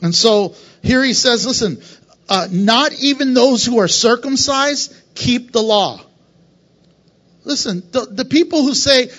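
A pastor preaches to his congregation in a church, his husky, fairly high voice carrying an animated, conversational sermon. He keeps breaking into snappy bits of imagined dialogue. The recording sounds dull and lo-fi. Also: moderate pace. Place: church sanctuary.

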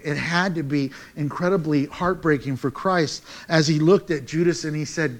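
A man with a high, light voice preaching a sermon. He moves from ringing, raised declarations to quiet, intimate asides, reading scripture and pressing questions on his listeners. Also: normal speed, few pauses. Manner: preaching with wide swings from loud to hushed. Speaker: pastor.

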